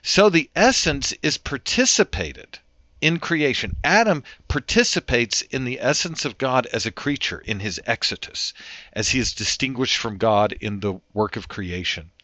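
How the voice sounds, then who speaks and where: A man's voice: mid-range voice, expressive, normal speed, sharp tone, no room sound. A man discussing theology in an interview, in an emphatic, lecturing way that often repeats words as he restarts. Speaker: theologian guest.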